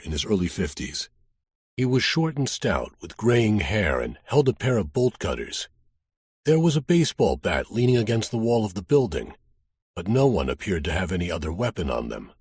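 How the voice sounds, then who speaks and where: A man narrating a first-person thriller audiobook in a wry, deadpan detective voice. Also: fairly low pitch, slightly rough, no echo, studio quality.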